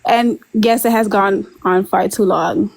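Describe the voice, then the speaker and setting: A woman's voice: medium pitch, steady tone, a little slow, vocal fry, a little mellow, low-quality recording. A woman in her twenties, a caller on a live stream, telling a rambling personal story with nervous laughs and many fillers. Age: 20s. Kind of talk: casual confessional storytelling.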